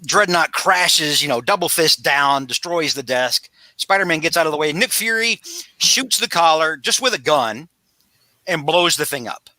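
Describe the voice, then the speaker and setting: A man hosting a casual podcast, recapping a comic book in a rambling, animated way with frequent restarts. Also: fairly high pitch, moderate pace, no room sound. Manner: rambling, animated, self-interrupting storyteller. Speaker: podcast host.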